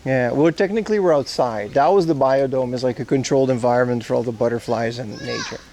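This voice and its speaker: Gravelly man chatting on a livestream. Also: mid-range voice, quick pace, warm tone, a little hiss or hum. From Aruba. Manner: joking, swears freely, chats to viewers. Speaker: streamer. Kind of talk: casual IRL livestream chat. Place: outdoors at a zoo park.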